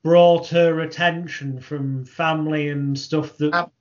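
A male interviewer asks his questions at a very slow, measured pace, in a voice pitched a little high. The sound is dull and lo-fi. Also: steady tone, darkish tone.

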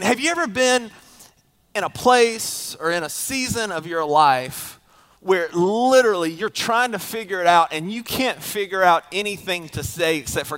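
A man preaching from the pulpit, his voice sitting high for a man. He tells stories in a chatty way and keeps turning to the congregation with questions. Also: expressive, a little slow, long pauses, fairly bright tone. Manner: conversational storytelling, rhetorical questions to the congregation. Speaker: pastor. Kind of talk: sermon.

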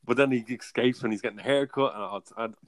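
A man hosting a casual podcast chat, chatty and quick to laugh. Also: mid-range voice, a bit bright, no echo. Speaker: podcast host.

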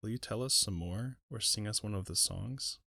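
A man's voice: fairly low pitch, normal speed, gravelly, sharp tone, no room sound, studio quality, exaggerated voice. A man voicing a polite, eager young male hobbit in an audiobook.

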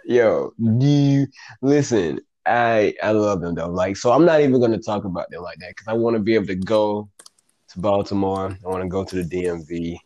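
A man hosting a casual chat, joking and teasing in a slangy, expressive way. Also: fairly low pitch, moderate pace, dry recording, muffled recording.

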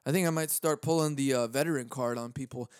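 Talking fast in a smooth, medium-pitched voice, a young podcast host from Southern California launches into a solo comedic rant. He swears freely, laughs often, and mimics the people he quotes. The sound is dry and studio quality.

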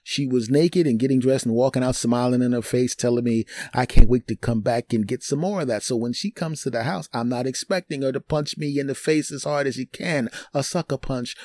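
A man hosting a podcast, telling personal stories in an animated, digressive, joking way. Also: medium pitch, no echo. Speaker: podcast host. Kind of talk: storytelling monologue.

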